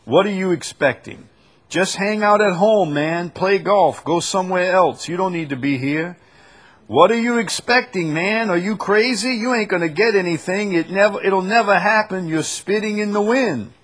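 A man mimicking a brash, scolding middle-aged male preacher who loudly taunts listeners about money. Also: high voice, moderate pace, voice pushed up. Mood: taunting. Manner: loud, taunting, mocking demands for money.

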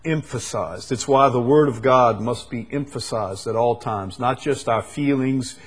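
Man preaching a sermon, husky voice, very slow, emphatic with loud high bursts.

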